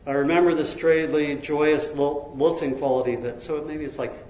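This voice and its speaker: A man narrating a story in a lively, expressive way, now and then laughing between lines. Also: on the high side, normal speed. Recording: roomy echo.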